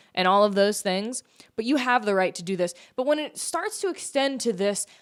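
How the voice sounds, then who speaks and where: An American woman with a fairly high voice hosts a podcast, giving an opinionated political monologue. Her delivery is emphatic and argumentative, packed with rhetorical questions.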